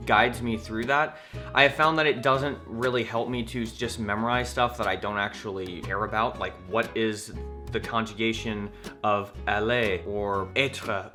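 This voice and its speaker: A man's voice: medium pitch, pushed and bright. A young man with an American accent, talking casually and rambling a little in a home vlog, poking fun at himself. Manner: chatty, rambling, self-deprecating. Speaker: vlogger.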